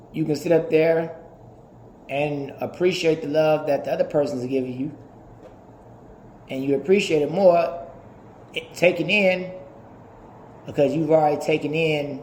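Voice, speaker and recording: A man in his thirties talking in a casual, animated, profane podcast monologue, laughing often. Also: on the high side, unhurried, long pauses, roomy sound, a little hiss or hum. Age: 30s. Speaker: podcast host.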